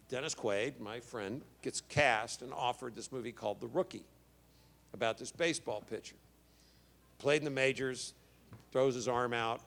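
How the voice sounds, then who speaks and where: A man of middle pitch tells a story to a fan-convention crowd in an easy, conversational way. He drops into a brighter, higher voice to act out the lines of the people in his story, then settles back into plain talk. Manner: lively storyteller, acts out dialogue with rising pitch; casual, chatty, mild swearing. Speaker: guest actor at a fan convention panel. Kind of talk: stage anecdote to an audience. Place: convention stage.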